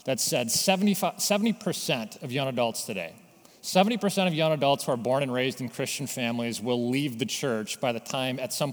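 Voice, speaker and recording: A man delivers a sermon in an easy, conversational teaching voice that keeps throwing rhetorical questions at the listeners. His pitch sits in an ordinary middle range for a man. The sound carries a long reverb tail, as if recorded in a large hall. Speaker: pastor.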